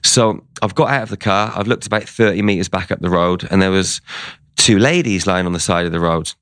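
Deep-voiced man telling a story. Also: fairly quick, fairly bright tone, no room sound. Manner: conversational, retells events with quoted dialogue. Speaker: guest. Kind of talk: storytelling in an interview.

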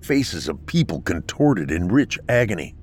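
A man with a very deep voice reads a dark horror tale in a steady, measured way. Faint music plays softly behind him. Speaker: narrator. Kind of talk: scripted horror story narration.

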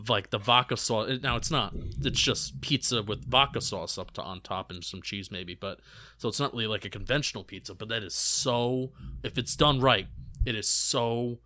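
A man co-hosting a casual podcast, starting with halting, repeated words before finding his point. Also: mid-range voice, bright, forceful tone, no room sound. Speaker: podcast co-host. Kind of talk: casual chat.

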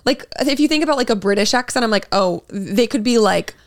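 A woman's voice: on the high side, expressive, a little fast, no room sound, studio quality. A woman in her twenties from Massachusetts with a slight Massachusetts accent, chatting casually on a podcast and laughing often. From Massachusetts, USA. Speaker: podcast co-host. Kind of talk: casual chat.

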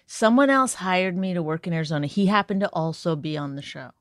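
Woman, comedian, middle-aged, deadpan teasing, lowish voice, dry close sound. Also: fairly quick, no echo. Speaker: stand-up comedian and podcast co-host. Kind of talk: casual banter.

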